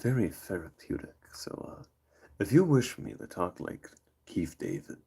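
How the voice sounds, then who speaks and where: A man's voice: sits low, wildly swooping pitch, moderate pace, gravelly, mellow, husky. A man hosting a livestream, chatting casually with rambling jokes. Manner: rambling, joking, playful. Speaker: livestream host.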